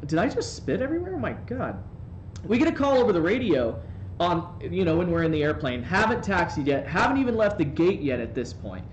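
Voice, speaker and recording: A man's voice: high voice, brisk, highs cut off. Chatty man telling a rambling story on stream. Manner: rambling, animated anecdote with playful asides. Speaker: live streamer. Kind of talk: casual storytelling while gaming on stream. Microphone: desk microphone, swapped in for the day. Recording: roomy sound with faint background noise.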